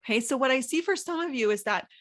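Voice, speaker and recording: A woman's voice: sits high, animated, fast talker. A woman hosting a solo coaching podcast, talking casually with many fillers and acting out inner thoughts. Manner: chatty, lots of "like" fillers, acts out inner voices.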